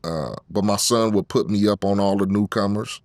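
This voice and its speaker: A middle-aged man from Compton in a casual interview, talking slowly with drawn-out ums between his thoughts. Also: lowish voice, fairly even intonation, a little mellow, dry recording, clean studio sound. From Compton, California. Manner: unhurried, fills pauses with drawn-out ums. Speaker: guest rapper.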